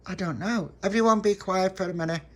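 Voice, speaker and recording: A man's voice: high voice, brisk, a bit bright, pitched above the performer's own voice. A man voicing an eager, bossy little boy who stumbles over his words as he leads his friends' game.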